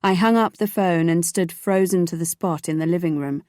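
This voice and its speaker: A woman narrating a first-person true crime audiobook in a steady, measured way. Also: on the low side, dry recording, clean studio sound.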